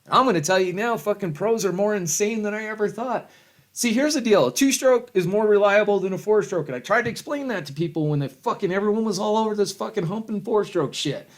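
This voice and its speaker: A middle-aged man in a rambling, heavily profane rant to camera, with loud swings and frequent chuckles. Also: high-pitched, fast. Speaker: vlogger.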